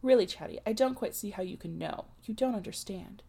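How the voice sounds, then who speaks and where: A proper young married woman from an old novel, fussy and coaxing, her voice climbing in alarm. There is a slight gravelly fry in her tone, as a woman reader acts her out. She sounds read aloud from a storybook. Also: mid-range voice, a little fast, mellow.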